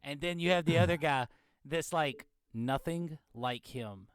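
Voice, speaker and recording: A man co-hosting a casual gaming podcast, animated and mocking, swearing freely. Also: a little high, unhurried. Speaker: podcast co-host.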